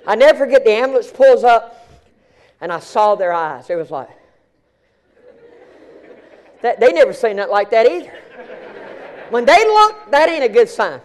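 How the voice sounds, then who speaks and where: Speaking at a moderate pace in a very high voice, this middle-aged pastor narrates a story from the pulpit. His delivery is lively and casual, full of repetitions and restarts.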